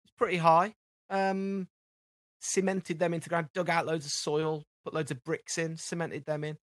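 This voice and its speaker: With a fairly high, fairly bright voice and a flat delivery at normal speed, this British podcast co-host chats casually. He meanders through everyday stories and voices the dialogue himself, captured in studio quality without echo.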